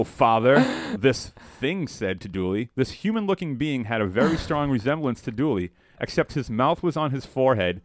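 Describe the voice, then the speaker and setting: A man hosting a casual podcast, reading a gleefully dark comic tale aloud. His pitch swings widely as he acts out the quoted lines, and the close mic sounds dry and dead. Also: no echo. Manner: reads aloud with animated quoted voices, laughing at his own jokes. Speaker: podcast host reading a comedic story.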